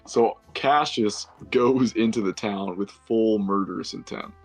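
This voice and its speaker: A man recaps a tabletop game session he played in, rambling casually, correcting himself and leaning on fillers. His fairly low voice is gravelly and slightly rough, his pace unhurried, with faint music in the background.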